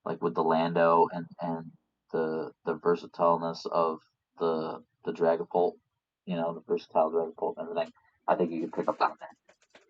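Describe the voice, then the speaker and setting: Very deep, flat-voiced man, dull sound. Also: moderate pace. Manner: hesitant, many fillers and restarts. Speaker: podcast co-host. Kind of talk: casual chat about game picks.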